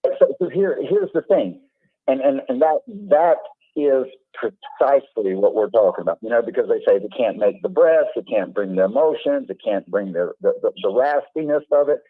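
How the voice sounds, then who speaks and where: A man's voice: mid-range voice, moderate pace, no echo. Guy hosting a call-in stream, rambly, keeps repeating himself, sounds like a phone line. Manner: rambling, repeats words, animated asides. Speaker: livestream host. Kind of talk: casual call-in chat. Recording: tinny phone-like line, dry.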